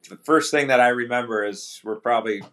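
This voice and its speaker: A fast-talking man of medium pitch, a professional hockey player guesting on a podcast, tells a casual story. He voices his teammates' lines as dialogue and often restarts, leaning on fillers throughout.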